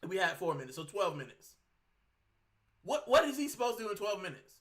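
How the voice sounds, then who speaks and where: A fan-channel host, sick and straining his throat, delivers a heated rant to the camera, fuming and repeating himself. His voice sits high with big swings in pitch, moves fairly quickly, and sounds a bit bright.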